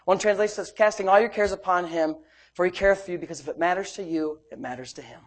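A woman preaching a sermon, swinging between loud emphasis and hushed asides, telling homey stories with laughter. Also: fairly low pitch, quick pace.

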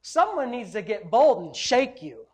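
Middle-aged male pastor, lively joking sermon delivery. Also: very high voice, unhurried, husky. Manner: animated, joking, preacherly exclamations.

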